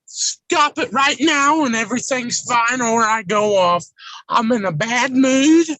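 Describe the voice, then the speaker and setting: A raspy-voiced man who has been drinking, shouting and cursing in a tearful rage during a heated live-stream argument. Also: very high voice, unhurried, no echo, low-quality recording.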